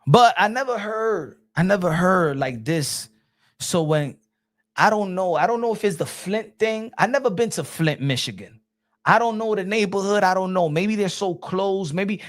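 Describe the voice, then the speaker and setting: New york guy ranting, mixes in spanish, high voice, mocking and loud. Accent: New York, with Spanish mixed in. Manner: rambling, mocking, bursts into shouting. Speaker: streamer. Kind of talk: loud animated rant.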